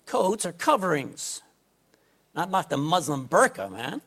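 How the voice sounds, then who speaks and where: A man's voice: high-pitched, big pitch swings, moderate pace. A man preaching a sermon to a congregation, folksy and emphatic, often calling for an amen. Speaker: pastor. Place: indoor room with a congregation.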